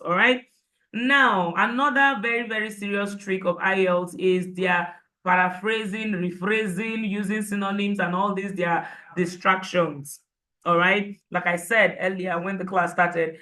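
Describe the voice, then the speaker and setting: A woman's voice: on the low side, pushed and bright, rough recording. A woman teaching an IELTS prep class, repeating points emphatically and asking the students rhetorical questions. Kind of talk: live online class lecture.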